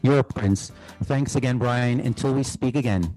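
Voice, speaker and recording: A man with a New York accent hosting a podcast interview, telling stories in a lively, animated way. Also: normal speed, music in the background, low-quality recording. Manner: animated storyteller, pitch jumps up when excited. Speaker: podcast host. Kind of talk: casual interview chat.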